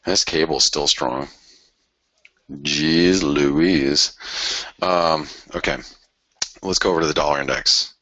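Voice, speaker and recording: A man with an extremely deep voice and a bright, forceful edge runs a live market commentary show. He talks through charts off the cuff, breaking into excited exclamations. The sound is close and dry. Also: moderate pace, no room sound. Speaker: forex trading show host.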